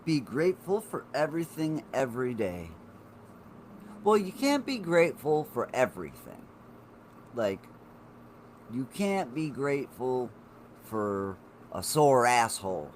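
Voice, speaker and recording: A man in his forties rambles through a casual live-stream chat at a slow, unhurried pace. He swears freely and talks straight to his viewers. His pitch sits in an ordinary middle range, with a faint hum of room ambience behind him. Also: sing-song. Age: 40s.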